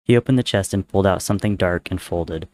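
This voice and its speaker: A man reading a fan-written story aloud, narrating in a steady, measured way. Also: low-pitched.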